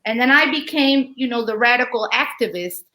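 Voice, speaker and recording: A woman's voice: fairly high pitch, animated, normal speed, pushed and bright. A woman in her forties, a guest speaker on a town hall panel, telling a personal story in an earnest, passionate way over a video call. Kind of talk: casual panel talk.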